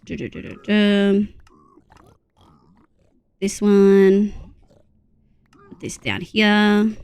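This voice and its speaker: A woman's voice: mid-range voice, darkish tone, smooth. A young Australian woman streaming live, chatting casually with her viewers, reading their messages aloud and gushing over their photos. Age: young adult. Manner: chatty, reads chat aloud, gushing exclamations and muttered asides.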